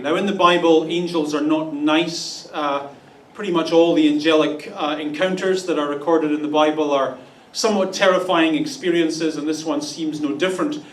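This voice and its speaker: A man's voice: fairly high pitch, moderate pace. A man preaching a humorous Easter sermon as pastor, with wry, playful asides. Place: church auditorium. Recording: echoey room, distant mic.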